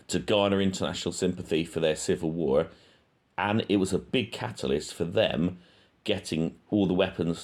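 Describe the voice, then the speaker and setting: A man's voice: sits low, darkish tone. A man hosting his own channel, talking through his thoughts in a casual monologue, hesitant and full of ums. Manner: hesitant, thinking aloud with frequent ums. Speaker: true-crime channel host.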